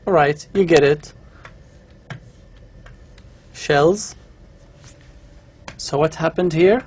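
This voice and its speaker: A man giving a university lecture, explaining step by step while writing on a board and often checking in with the class. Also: fairly high pitch. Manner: writes on a board while talking.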